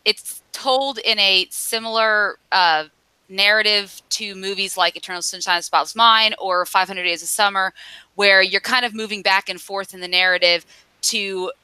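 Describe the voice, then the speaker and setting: A woman's voice: medium pitch, fairly even intonation, normal speed, sharp tone, smooth, no room sound, rough recording. A woman co-hosting a casual podcast, giving a rambling recap of a comic book story with lots of fillers. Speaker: podcast co-host.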